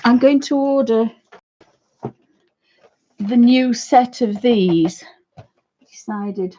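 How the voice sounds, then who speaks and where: A woman in her fifties, hosting an art livestream from her home studio, chatting in a rambling, friendly way with a croaky voice. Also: fairly high pitch, very slow, mellow, highs cut off. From United Kingdom. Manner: chatty, rambling, talks fondly to her dog. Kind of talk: casual chat to viewers and pets.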